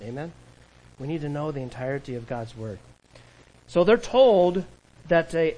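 Emphatic preaching man, fairly high voice. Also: darkish tone, low-quality recording. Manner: emphatic call-and-response preaching. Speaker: pastor. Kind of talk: sermon.

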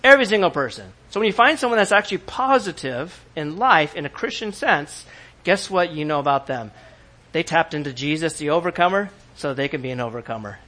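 A middle-aged male pastor preaching a sermon, animated and often acting out quoted voices. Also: on the high side, brisk.

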